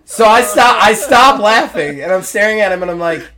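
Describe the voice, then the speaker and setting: Male podcast host, casual storyteller, acts out dialogue with a swooping pitch. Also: moderate pace, a crowd in the background. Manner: animated storyteller acting out dialogue. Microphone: podcast mic.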